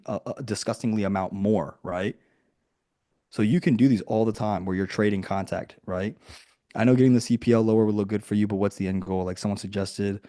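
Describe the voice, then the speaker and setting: A man coaching a group over a video call in a slightly low voice. He talks with punch and keeps asking rhetorical questions. He acts out imagined conversations with bright, raised voices. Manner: energetic, emphatic, fires rhetorical questions; acts out quoted lines in sudden higher voices. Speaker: marketing coach.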